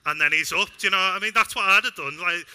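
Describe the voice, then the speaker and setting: A young man preaching in a church with a very bright, ringing tone. His voice sits a little high, and he talks in an animated, self-deprecating way, mixing jokes into the sermon. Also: quick pace, clear, resonant tone. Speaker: pastor.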